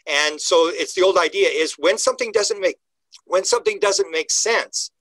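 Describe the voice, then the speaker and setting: Older male interview guest: bright, forceful delivery, animated storytelling. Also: high voice, normal speed, no echo, low-quality recording. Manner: animated storyteller, acts out quoted dialogue, frequent restarts. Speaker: guest UFO researcher. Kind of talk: conversational podcast interview.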